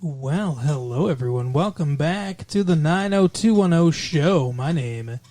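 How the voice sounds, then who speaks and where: A man's voice: on the high side, lively intonation, a little slow, mellow, faint music behind. Male podcast host, casual and jokey, teasing banter. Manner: joking, teasing. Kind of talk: casual chat.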